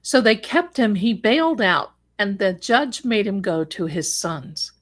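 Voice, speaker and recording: A woman's voice: medium pitch, animated, unhurried. A middle-aged woman hosting a live psychic show, telling a personal story with dramatic flair and wry asides.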